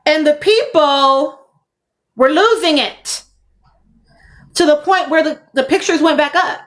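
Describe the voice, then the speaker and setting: A woman's voice: high voice, slow, fairly bright tone. A young adult woman, hosting a casual commentary livestream, emphatic and fond of repeating her points. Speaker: livestream host.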